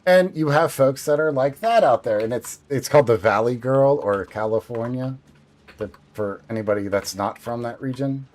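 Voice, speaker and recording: A man's voice: medium pitch, moderate pace, a little mellow. A man streaming a game, chatting casually in a rambling way, with lots of fillers and some swearing.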